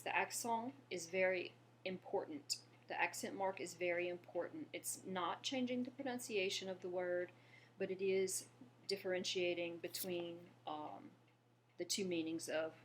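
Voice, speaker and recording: Woman from louisiana teaching french, lowish voice, patient, slight background hum. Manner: patient, slows down to model pronunciation and asks viewers to repeat. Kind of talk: language lesson.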